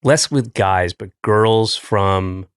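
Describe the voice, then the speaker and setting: A middle-aged man hosting a podcast in casual chat, teasing his guest with a dry, deadpan manner. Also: lowish voice, drawn-out words, clear, resonant tone, dry recording. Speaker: podcast host.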